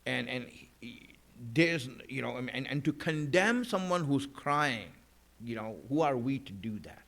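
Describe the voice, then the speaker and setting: A man's voice: medium pitch, lively intonation, unhurried, vocal fry, a bit bright. A man delivering a mourning sermon in a conversational way, with many fillers and restarts, at a mosque. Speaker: religious speaker. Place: mosque hall.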